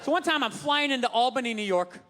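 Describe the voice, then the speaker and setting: A man doing stand-up comedy, ranting loudly with profanity and shouted punchlines, on a stage before a live audience. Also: very high-pitched, expressive, quick pace, long reverb tail. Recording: live club with crowd laughter and noise.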